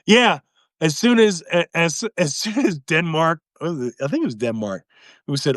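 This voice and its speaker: A man hosts a live video show and talks politics off the cuff. His voice sits a little high and leaps around in pitch, and he chuckles between jabs. The sound is dry and close. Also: moderate pace, dry recording. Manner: animated, chuckling, acts out others in mock voices. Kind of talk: casual political commentary. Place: home livestream.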